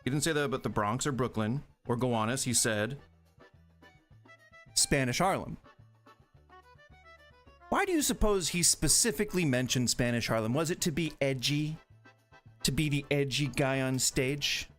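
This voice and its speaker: A man's voice: medium pitch, lively intonation, a little fast, a bit bright, soft background music. Sarcastic man reacting to clips. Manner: sarcastic, critical, laughs and coughs. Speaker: podcast host. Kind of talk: casual commentary on clips.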